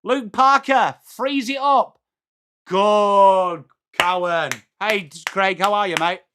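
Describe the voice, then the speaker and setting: Excitable English man calling footy live. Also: high voice, a little slow, a little hiss or hum. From England. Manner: excitable, blunt, swears, banters with chat. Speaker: watchalong streamer. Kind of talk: live football reaction commentary.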